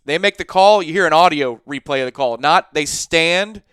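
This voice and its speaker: Casting note: man, sports podcast co-host, chatty storyteller, bright crisp voice, dry close sound. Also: on the high side, moderate pace, no echo. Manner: chatty, animated storytelling with asides.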